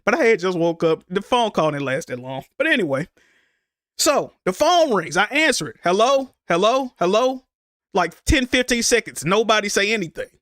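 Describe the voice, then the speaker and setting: Casting note: young man, high voice, halting and emotional storyteller, dry close mic. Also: very animated, fairly bright tone, dry recording. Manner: emotional, halting retelling with repeated words. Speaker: streamer. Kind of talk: casual storytelling to stream viewers.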